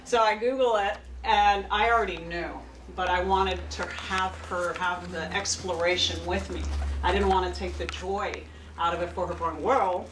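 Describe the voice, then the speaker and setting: A woman counselor giving an anecdotal talk to an audience, telling a lively story and acting out both sides of a conversation. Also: on the low side, normal speed, noisy background. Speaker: clinical director and counselor. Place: open house event, indoor room. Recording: roomy sound picked up from a distance.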